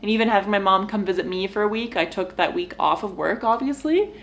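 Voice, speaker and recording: A young female vlogger talks fast in a mid-range voice, with a little hiss or hum in the background. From her kitchen floor at home she rambles casually to the camera, sighing occasionally, laughing, and chatting with her dogs.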